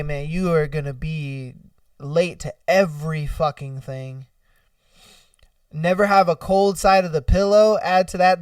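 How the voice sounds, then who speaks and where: A man's voice: high-pitched, dry recording, studio quality, far from the mic. A man hosting a podcast, chatting casually and profanely, laughing often and acting out silly scenarios. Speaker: podcast host. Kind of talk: casual solo commentary reading listener ideas.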